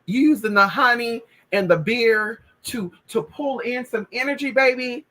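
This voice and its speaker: A woman's voice: a little high, unhurried, fairly bright tone. A woman voicing a coaxing female goddess spirit who sweet-talks.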